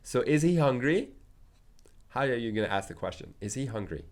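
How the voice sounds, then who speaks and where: A man's voice: mid-range voice, big pitch swings, fairly quick. A man teaching in a casual video lesson, repeating example sentences and checking in with "okay?" and "d'accord?" as he goes. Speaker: French teacher.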